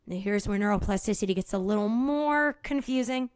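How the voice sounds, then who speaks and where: A middle-aged movement therapist hosts her own podcast, explaining things in a casual, energetic way while swearing freely and laughing at herself. She speaks fairly quickly at a medium pitch, with a clear, resonant tone in a studio-quality recording free of echo.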